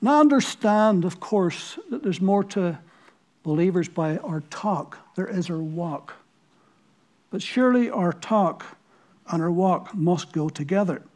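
A man's voice: sits high, animated, unhurried, darkish tone. A man with a Northern Irish accent preaching a sermon, telling stories and asking the listeners earnest rhetorical questions. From Northern Ireland.

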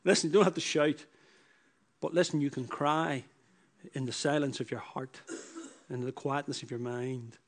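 A man preaching a sermon, who repeats his phrases and swings from loud emphatic bursts to hushed, low lines. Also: steady tone, moderate pace.

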